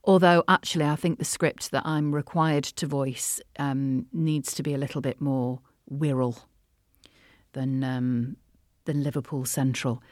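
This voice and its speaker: A woman hosting a small solo podcast, chatting in a self-deprecating and animated way. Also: a bass voice, measured pace, no echo, clean studio sound. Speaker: podcast host, composer and voice actor. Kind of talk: casual solo podcast chat.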